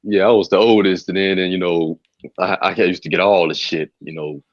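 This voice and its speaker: Low-voiced profane man on a dull mic. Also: fairly even intonation, brisk, dry recording. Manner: blunt, profane, laid-back. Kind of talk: casual chat.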